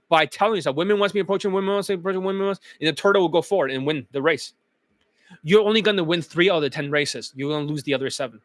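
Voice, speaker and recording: A man's voice: on the high side, a bit bright, no echo. A male dating coach delivering a blunt, profane motivational monologue, chanting phrases over and over.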